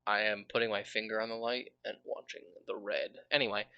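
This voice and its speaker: A man's voice: on the low side, little pitch movement, a little fast, clean tone, dry recording, dull audio. A man running a tabletop game on a live stream, laid-back and rambling, often laughing at his own asides. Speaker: game master.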